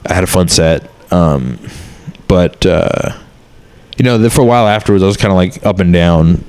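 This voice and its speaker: A man's voice: deep voice, expressive, moderate pace, darkish tone, clean tone. A man in his thirties, a comedian, talking candidly and rambling in a casual chat, swearing often.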